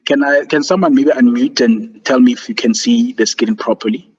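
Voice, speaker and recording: A man's voice: medium pitch, normal speed, slightly rough. A man presenting a student seminar over a video call, earnest and encouraging, with fillers. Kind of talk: motivational online seminar talk. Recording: dull lo-fi call audio.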